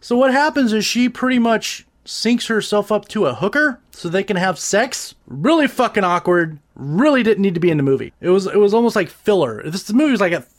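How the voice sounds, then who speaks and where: A man's voice: high voice, a little fast, few pauses. A man casually reviewing a gadget and a movie, rambling, swearing often, with lots of restarts. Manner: profane, animated, rambling with restarts. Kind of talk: casual crude review chat.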